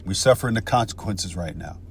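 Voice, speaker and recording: A man with a lowish voice gives a fired-up, cursing Bible lesson, dropping "man" and "bro" all through it. Faint vehicle noise hums behind him. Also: animated, brisk, creaky. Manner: heated and profane, peppered with "man" and "bro". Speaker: street-style scripture teacher. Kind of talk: casual profane Bible teaching.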